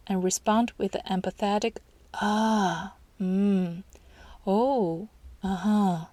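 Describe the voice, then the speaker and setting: A woman narrates a parenting book summary with calm, steady instruction. Her voice is mid-pitched and sits close and dry on the mic, with no room around it. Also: dry recording.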